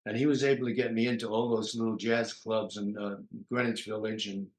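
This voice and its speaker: A man's voice: lowish voice, little pitch movement, a little fast. An older man from New York, a guest comedian, telling long anecdotes in a casual interview, full of uh fillers. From New York, USA. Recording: roomy echo.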